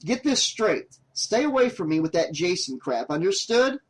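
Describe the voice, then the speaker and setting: A man voicing a bitter survivor of a killer, talking gruffly and curtly. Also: high-pitched, sing-song, moderate pace, exaggerated voice. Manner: gruff, curt, angry.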